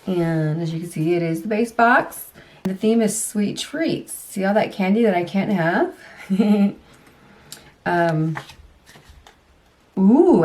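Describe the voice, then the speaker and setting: A woman's voice: mid-range voice, darkish tone. A woman vlogger chatting casually through a beauty box unboxing, full of asides and little laughs. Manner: chatty, self-deprecating, laughs easily; frequent ums and trailing asides.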